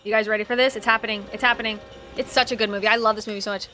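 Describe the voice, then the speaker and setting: A young adult woman streamer chatting casually to her viewers, talking to herself and swearing, sometimes loud. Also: medium pitch, fairly even intonation, racing, slight background noise. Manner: talks to herself and to chat, swears, swings loud. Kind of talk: casual chat.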